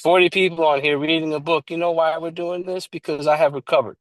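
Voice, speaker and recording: Fired up guy, kinda high voice, preachy and casual, swears some, dry sound. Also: steady tone, quick pace, dry recording, rough recording. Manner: emphatic, preachy, swears casually, restarts often. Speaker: recovery study co-host. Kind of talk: casual online meeting talk.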